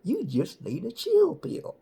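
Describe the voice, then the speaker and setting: A man voicing a brash, condescending state trooper, loud and drawn out. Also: very high voice, huge pitch swings, slow, gravelly, voice pushed up, full character voice. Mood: mocking.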